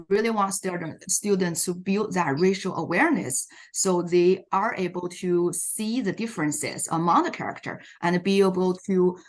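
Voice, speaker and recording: A woman with a mid-range voice presents teaching strategies over a video call as a Chinese language teacher at an online workshop. Her explanations are peppered with fillers and self-corrections.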